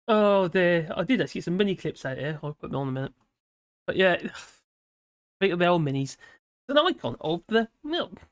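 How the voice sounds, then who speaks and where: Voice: medium pitch, big pitch swings, measured pace, pauses often, no echo, clean studio sound. A chatty British live-stream host in their fifties with a mid-range voice. They read from notes, then drift into long personal tangents, chuckling as they go before pulling themselves back on track. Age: 50s. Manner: rambling, chatty, often laughing and wandering off topic. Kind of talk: casual commentary reading and digressing.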